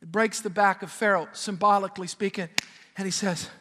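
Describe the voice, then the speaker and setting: A man preaching a sermon as a pastor, telling the story in an animated way and slipping in jokes. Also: sits high, a little fast, in a large hall.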